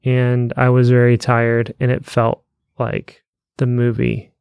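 Male podcast co-host, mid pitch, smooth and clear, dry recording, relaxed and hesitant delivery. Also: slow pace, no echo, dull audio. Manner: easygoing, hesitant, rambling. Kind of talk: casual film discussion.

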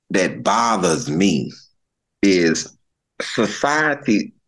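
A middle-aged male comedian telling stories in casual chat, slangy, repeating words and laughing often. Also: deep voice. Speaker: comedian guest.

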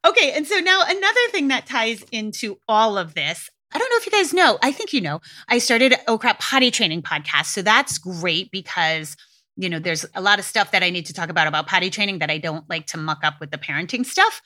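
A woman's voice: medium pitch, big pitch swings, brisk, bright, forceful tone. A middle-aged woman hosting a parenting podcast, talking candidly and swearing freely in a casual monologue.

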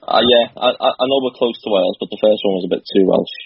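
Low husky guest on dry lo-fi audio. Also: male voice, dry recording. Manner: relaxed, halting, with many ums. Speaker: podcast guest. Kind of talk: casual podcast chat. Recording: dry, dull lo-fi call audio.

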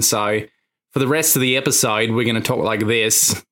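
A man's voice: lowish voice, steady tone, normal speed, fairly bright tone. Jokey male podcast co-host. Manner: jokey, laughing often. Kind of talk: casual banter.

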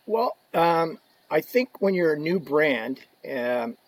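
A man's voice: fairly high pitch, animated, takes it slowly. A man in his fifties, a podcast guest, casually telling anecdotes and laughing as he goes. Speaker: guest, hockey equipment rep. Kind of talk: casual storytelling.

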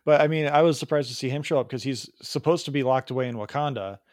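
A man's voice: mid-range voice, quick pace, a little mellow, no room sound. Man, podcast co-host, loose joking banter, dry close sound. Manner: rambling, joking. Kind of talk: casual chat.

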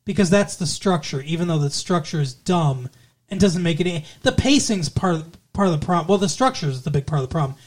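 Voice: mid-range voice, lively intonation, fairly quick. A podcast co-host picking apart a horror movie in casual chat, swearing freely and rambling with lots of fillers and restarts.

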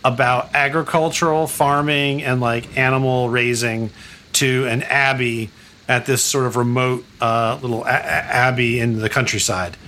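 A male game master narrating a tabletop game in a bright, forward voice. He talks slowly and rambles, restarting sentences and filling gaps with ums. A faint hiss sits behind him. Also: mid-range voice, level tone. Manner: rambling, filler-heavy narration.

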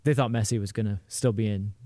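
A man's voice: lowish voice, steady tone, fast, mellow, dry recording, clean studio sound. A man co-hosting a casual sports podcast, wry and hesitant, with frequent restarts. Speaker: podcast co-host.

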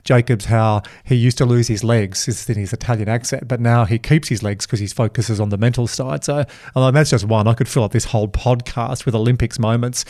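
A man hosting a podcast, sounding keen as he tells stories in an easy, conversational way. His voice sits at an ordinary middle pitch for a man. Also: fairly even intonation, a little fast, hardly any pauses, darkish tone. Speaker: podcast host.

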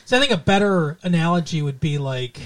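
A man's voice: a little high, lively intonation, fairly quick. Rambling male podcast co-host. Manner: rambling, trails off and restarts mid-thought. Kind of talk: casual chat about a TV show.

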